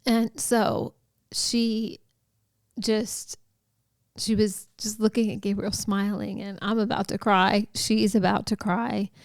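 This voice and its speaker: A woman's voice: medium pitch, flat delivery, slow, no echo, clean studio sound. A woman hosting a podcast, sharing a personal faith story in a heartfelt, chatty way, full of likes and you-knows. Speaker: podcast host.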